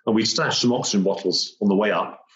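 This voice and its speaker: Fast-talking man telling a story. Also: fairly low pitch. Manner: vivid storyteller, repeats phrases, acts out moments. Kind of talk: personal storytelling. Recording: roomy, dull lo-fi sound.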